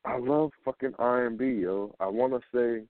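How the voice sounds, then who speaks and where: A man's voice: medium pitch, normal speed, no room sound. Radio host, man, loose and profane, dry sound. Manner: loose, profane, rambling with restarts. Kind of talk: casual radio talk. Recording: phone-line audio.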